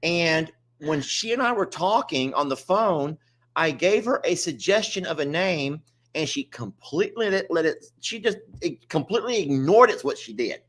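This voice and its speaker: A man's voice: a little high, lively intonation, moderate pace, a bit bright. A man, co-hosting a casual chat and rambling in a self-mocking, chatty way. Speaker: co-host of an animal sanctuary channel.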